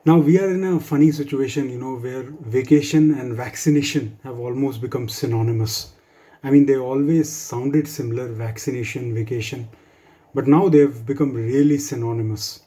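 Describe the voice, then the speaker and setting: A man's voice: mid-range voice, normal speed, warm tone. A man performing a stand-up comedy set for office colleagues, with wry, dry humor and asides. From India.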